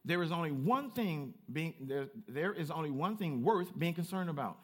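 A man with a high, light voice preaches to his congregation in an animated, playful way. He swings from quiet, reflective stretches to bright, teasing call-outs, with a Southern Black way of speaking. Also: normal speed. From United States. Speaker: pastor. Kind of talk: sermon.

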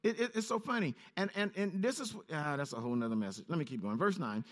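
This sermon has a man reciting scripture in a calm, low tone, then jumping sharply higher as he explains it, moving quickly with very few pauses.

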